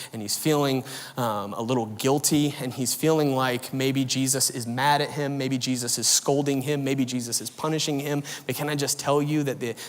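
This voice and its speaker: A man preaching a sermon as pastor, telling a story with animated swings between loud bursts and quiet, low lines. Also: long reverb tail. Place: large church auditorium.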